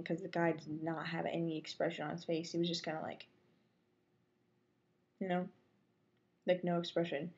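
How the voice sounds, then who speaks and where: A young woman casually telling a personal story on a vlog, acting out her own thoughts in whispers and squeaks. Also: vocal fry, dark tone, dull audio. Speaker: vlogger.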